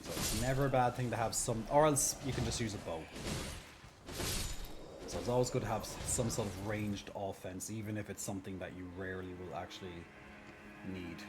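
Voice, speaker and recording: A man's voice: on the low side, fairly even intonation, a little fast, over music. A man streaming a video game, chatting casually and muttering sarcastic asides to himself. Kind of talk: casual gameplay commentary. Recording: stream audio with background noise.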